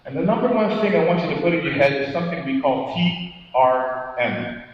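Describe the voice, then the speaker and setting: Lively man in an echoey hall. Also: fairly high pitch, a little fast. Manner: animated, asks the audience questions, acts out quotes. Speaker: keynote speaker. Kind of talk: motivational conference talk. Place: large conference hall. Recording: echoey hall, distant mic, dull sound.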